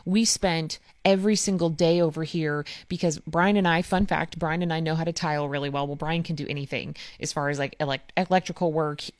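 A woman in her thirties tells a family story in casual chat, animated and full of fillers. Her voice sits a little low. The sound is dry and close. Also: a little fast, few pauses, no echo.

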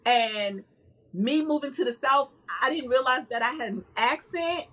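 Husky, outspoken woman guest. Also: sits high, moderate pace, a bit bright, rough recording. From northern United States. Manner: emphatic, outspoken, laughs often. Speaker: podcast guest, life coach. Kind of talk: candid conversational interview.

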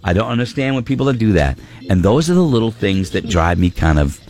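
A man's voice: fairly low pitch, very animated, a little fast, darkish tone. A man hosting a casual talk show, ranting in an exasperated way. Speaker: radio show host. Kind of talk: casual chat.

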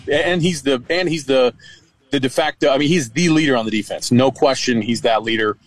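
A man's voice: mid-range voice, slight background noise, poor audio. A man from Texas, a radio sports host, guesting on another show and giving long, chatty analysis. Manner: chatty, fillers, explains at length.

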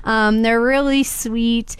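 A woman's voice: fairly high pitch, steady tone, takes it slowly, crowd noise. A woman guesting on a radio show, talking about shelter pets in a bubbly, chatty way. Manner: bubbly, chatty, laughs often. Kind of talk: casual radio interview.

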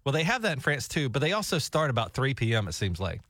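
A man's voice: mid-range voice, sing-song, fast talker, a bit bright, dry recording. A man on a talk show, telling a rambling, jokey travel story with laughs. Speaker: radio show co-host. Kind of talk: casual storytelling chat.

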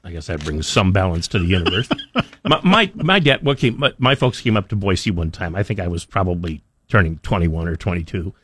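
A man co-hosts on the radio with a low voice whose pitch moves a lot. He makes wry jokes in casual banter. The studio sound is dry and close. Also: expressive, brisk, fairly bright tone, husky, no room sound. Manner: wry, joking asides. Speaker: radio co-host.

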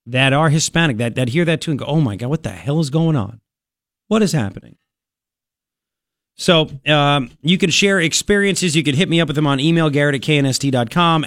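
A man's voice: on the high side, a bit bright, dry recording. A man hosting a talk radio show, delivering an opinionated monologue full of rhetorical questions into a studio microphone. He grew up on Long Island, New York.

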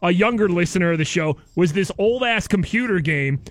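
A man's voice: high-pitched, lively intonation, fairly quick, no echo. A man hosting a morning radio show, chatting loosely and jokingly with his co-host. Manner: loose, rambling, jokey. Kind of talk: casual radio banter.

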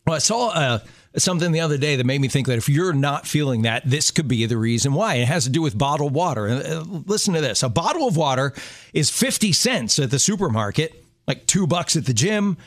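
Lively male talk show co-host. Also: fairly high pitch, a little fast. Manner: upbeat, encouraging. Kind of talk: casual chat.

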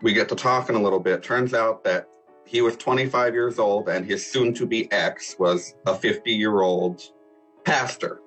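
A man's voice: lowish voice, unhurried, fairly bright tone, soft background music. A man in his twenties telling a story on a video call, hesitant with many ums, matter-of-fact. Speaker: guest caller telling a date story. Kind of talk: casual storytelling.

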